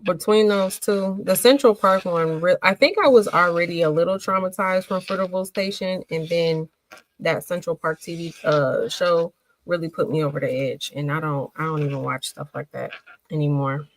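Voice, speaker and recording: A woman hosting a casual livestream, chatting with viewers and answering their comments in an emotional, animated way. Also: on the low side, normal speed, rough recording. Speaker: livestream host.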